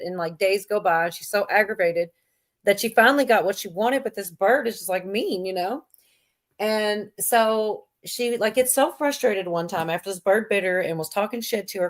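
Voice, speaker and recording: Brief: middle-aged woman, livestream host, rambling giggly joke-teller, mid-pitched voice. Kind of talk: casual chat, telling a joke.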